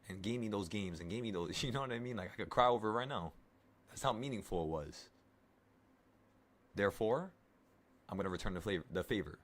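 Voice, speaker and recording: A man in his twenties, casually talking viewers through an options trade and reassuring them in a rambling, coaching way. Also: sits low. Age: 20s. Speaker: options trading streamer. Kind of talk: casual live trading talk to viewers.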